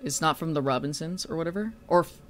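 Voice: mid-range voice, fast, faint music behind. A streamer playing a horror game live, chatting and swearing, breaking into shrieks when startled.

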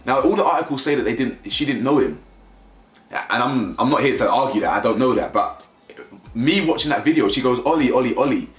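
A man giving casual opinion commentary, animated and rambling, often restarting and repeating himself. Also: mid-range voice, a little fast, roomy sound. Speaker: commentary YouTuber.

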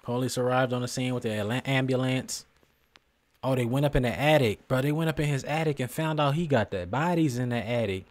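A man giving casual gameplay commentary into a desk microphone, reacting with animated jokes and slang. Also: mid-range voice, fairly quick. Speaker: gaming streamer.

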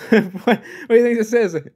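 A man's voice: extremely high pitch, normal speed, darkish tone, breathy edge, pitched above the performer's own voice. A man playing a cocky taunting shark. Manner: taunting, laughing, boastful. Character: cocky menacing male shark taunting swimmers.

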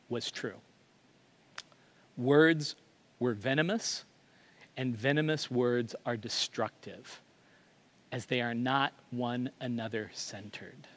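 A man's voice: on the high side, a bit bright. A male pastor preaching a sermon in a confessional, self-deprecating way, often stammering and restarting.

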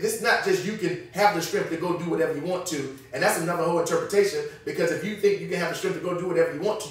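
A man preaching an emphatic, repetitive Bible study to his congregation, calling on them to answer back. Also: fairly high pitch. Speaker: pastor teaching a midweek Bible study. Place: church sanctuary. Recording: echoey church hall, mic at a distance.

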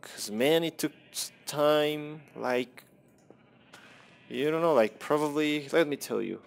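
A man's voice: fairly high pitch, takes it slowly, creaky. A young man casually commenting on his own gameplay, rambling, self-deprecating and swearing at the game.

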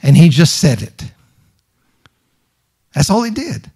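Taking his time, a middle-aged man preaches in a high, mellow voice with big pitch swings and a breathy edge. He fires rhetorical questions, repeats phrases, and leads the congregation in call-and-response.

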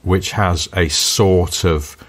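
A man's voice: low voice, fairly even intonation, slow pace. A man from northwest England co-hosting a podcast, chatting casually with joking, teasing banter. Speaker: podcast co-host. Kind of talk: casual chat.

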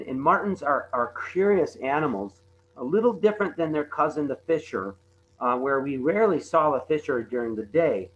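Male presenter, mid pitch, walks through wildlife slides in a halting, filler-heavy way; dull lo-fi audio with a faint hum. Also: a bit bright. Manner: halting, repeats words, many fillers. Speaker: conservation presenter.

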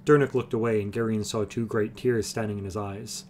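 A man's voice: fairly low pitch, fairly even intonation, fairly quick, darkish tone, a little hiss or hum. A man reading a fantasy novel aloud on a livestream, earnest and easygoing between chapters. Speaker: reader.

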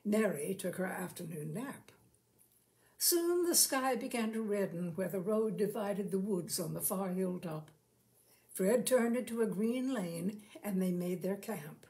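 A woman reading a literary short story aloud in a measured, unhurried way. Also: medium pitch, lively intonation, warm tone. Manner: slow, measured delivery, lifting her voice for quoted lines.

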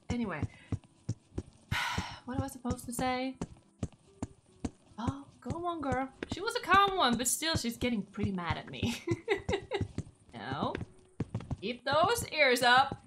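A woman's voice: high voice, noisy background. A young woman from Norway, chatting casually through her gameplay, gushing and talking to her horse. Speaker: gaming channel host.

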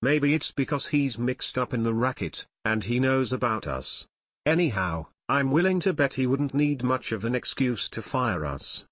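A man voicing a calm, practical teenage boy detective who explains his plans, in an audiobook. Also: mid-range voice, moderate pace, no room sound, clean studio sound. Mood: plotting. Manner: level-headed, explaining.

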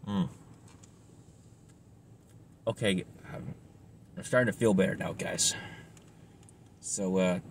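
Tired, rambling low-voiced man. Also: fairly even intonation, slow pace, pauses often, a little hiss or hum. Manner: rambling, apologetic, many fillers and restarts. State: tired and stressed. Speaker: cigar reviewer. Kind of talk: casual vlog talk.

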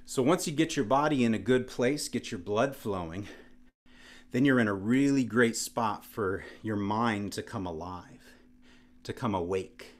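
A man performing for children, introducing his songs in a calm, encouraging, friendly way during a virtual show. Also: lowish voice, unhurried. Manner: calm, encouraging, speaking to kids. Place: home studio, broadcasting virtually.

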